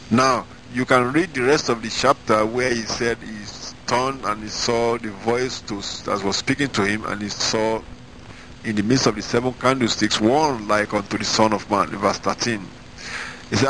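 A man preaching as an evangelist, reading scripture slowly and with emphasis, then explaining it. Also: on the low side, steady tone, sharp tone, a little hiss or hum, low-quality recording. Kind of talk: Bible-reading sermon.

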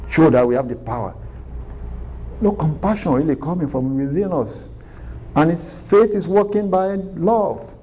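Mellow-voiced man preaching a sermon. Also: mid-range voice, gravelly, rough recording. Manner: earnest, repeats phrases for emphasis.

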